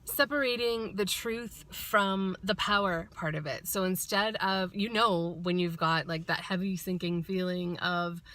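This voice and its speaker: A woman's voice: fairly low pitch, steady tone, measured pace, few pauses, noisy background. Woman vlogger, casual pep talk, blunt and sweary, acts out quotes.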